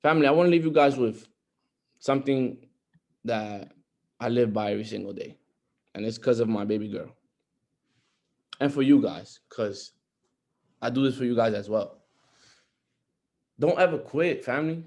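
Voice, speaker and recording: A man's voice: mid-range voice, normal speed, long pauses, a little mellow. A young man giving an earnest motivational talk on a group call, repeating his points and growing emphatic. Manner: earnest, repetitive, rising to emphatic.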